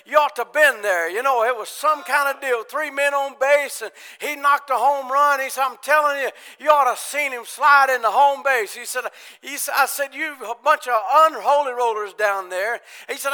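High, bright-voiced preacher man. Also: normal speed. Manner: builds from quiet talk to loud, high-pitched preaching; retells stories with quoted voices. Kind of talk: Pentecostal-style sermon. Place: church.

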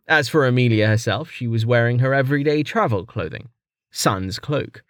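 A man reading a fantasy novel aloud as audiobook narrator, in lively storytelling narration. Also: mid-range voice, normal speed, no echo, clean studio sound. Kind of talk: scripted narration.

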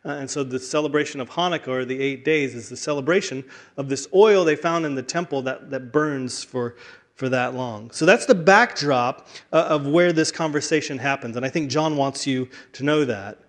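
A man's voice: medium pitch, moderate pace. A man preaching a sermon in a conversational way, with frequent fillers and restarts.

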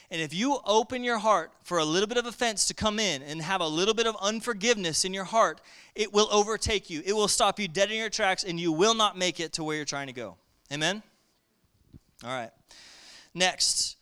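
High bright-voiced energetic male preacher. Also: smooth. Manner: energetic, call-and-response with congregation. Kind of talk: sermon.

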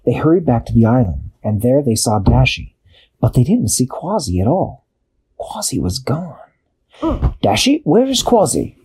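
Husky guy telling a kids adventure story, lively up and down voice, stretches words out. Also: mid-range voice. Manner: expressive, drawn-out storytelling with sound-effect pauses. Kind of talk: improvised children's story narration.

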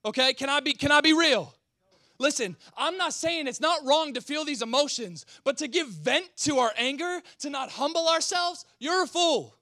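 A male pastor preaching a sermon, calling out to the congregation, swinging from loud outbursts to quiet, close talk. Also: very high voice, normal speed, no echo. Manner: animated, swings between shouting and quiet; talks back and forth with the congregation.

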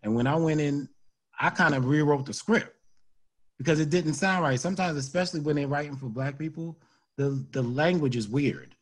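A man's voice: a little high, moderate pace. A man who is a guest comedian, telling stories in a casual talk-show chat and repeating points for emphasis. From Brooklyn, New York.

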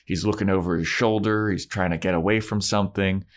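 Low-voiced man casually recapping a show. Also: steady tone, a little fast. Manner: loose, swearing, acts out characters in silly voices. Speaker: podcast co-host. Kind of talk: casual chat recapping a TV episode.

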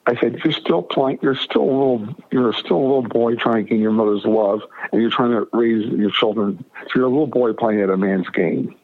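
A man's voice: medium pitch, fairly quick, hardly any pauses. A man telling a personal story as an interview guest, emphatic and often repeating or restarting his phrases. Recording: narrow phone-like radio audio.

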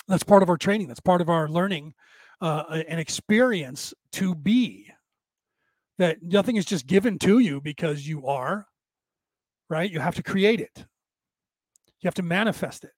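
A man's voice: sits high, no echo. A man hosting a casual livestream, talking with viewers in a rambling, chuckling way while his voice tires and strains. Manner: rambling, chuckling, searching for words. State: tiring, strained voice. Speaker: livestream host and minister.

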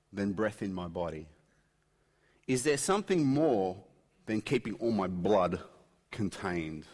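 A middle-aged man preaching a sermon, swinging between loud emphatic peaks and quiet intensity. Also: on the low side. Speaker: pastor. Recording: long hall reverb.

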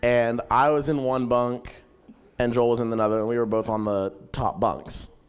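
A young man casually telling a funny camp story, animated and laughing as he goes. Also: medium pitch, normal speed, smooth. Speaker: camp attendee sharing a testimony.

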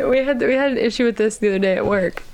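A woman with a Southern American accent co-hosting a casual podcast chat, playful and quick to laugh. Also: a little high, a little mellow. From Southern United States. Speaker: podcast co-host.

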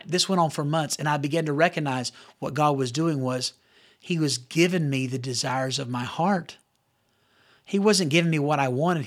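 A man's voice: fairly high pitch, fairly bright tone. Earnest man preaching with rising emphasis. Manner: earnest, conversational preaching with sudden emphatic rises. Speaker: pastor. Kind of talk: sermon.

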